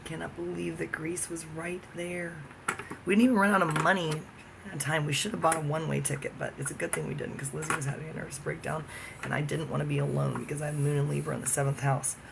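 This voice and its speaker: Male vlogger, somewhat high and gravelly, rambling profane solo rant. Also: flat delivery, quick pace, background noise. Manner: profane, jumping from topic to topic.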